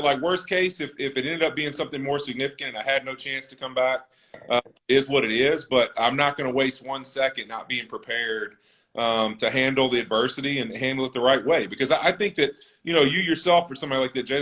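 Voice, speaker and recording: An earnest man in his thirties, speaking as an interview guest. His voice sits in an ordinary middle pitch. He tells his story in a reflective, steady way. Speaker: NFL offensive lineman, guest. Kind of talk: conversational interview.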